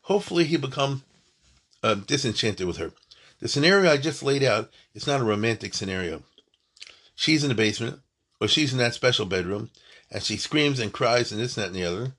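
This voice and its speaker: A man teaching Jewish law in a lively lesson, reading from a text and explaining it with jokes and rhetorical questions. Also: a little fast. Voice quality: husky. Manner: joking, rhetorical questions, big swings in pitch and loudness.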